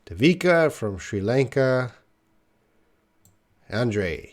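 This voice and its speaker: A man's voice: medium pitch, expressive, unhurried. A man teaching a live online English lesson, patiently explaining grammar and answering viewer questions.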